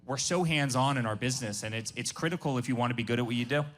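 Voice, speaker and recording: A man's voice: medium pitch, racing, faint music behind. A man speaking as a guest business founder at a live workshop, emphatic and passionate, often repeating his words.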